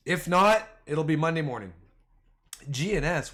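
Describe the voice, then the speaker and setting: A man chatting casually through a trading livestream, rambling and excitable, calling his viewers "boys" and "man". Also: fairly high pitch, measured pace. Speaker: stock trading streamer. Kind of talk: casual livestream chat over charts.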